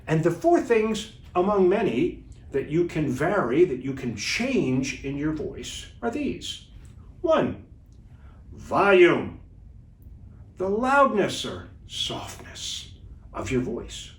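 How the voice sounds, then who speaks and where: A man coaching viewers as a communication trainer in an instructional video talk, deliberate and animated. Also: fairly high pitch. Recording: echoey room, distant mic.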